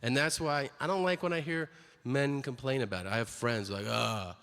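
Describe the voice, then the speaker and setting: Crude deadpan stand-up comedian, man. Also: mid-range voice, brisk, clear, resonant tone, big-room sound. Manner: crude, deadpan storytelling with sudden loud outbursts. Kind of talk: stand-up routine. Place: comedy stage.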